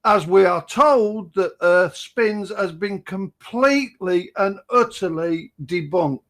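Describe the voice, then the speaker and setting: A man on an online debate panel, laying out his argument in a slow, deliberate way. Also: high-pitched, a bit bright.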